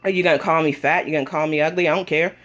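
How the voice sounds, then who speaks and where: A woman's voice: low-pitched, steady tone, racing, a bit bright. Blunt, cursing woman scolding a rival. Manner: blunt, profane and scolding, addresses a rival directly; talks while riding an exercise bike. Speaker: vlogger. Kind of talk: confrontational callout vlog. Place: her home. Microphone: phone camera.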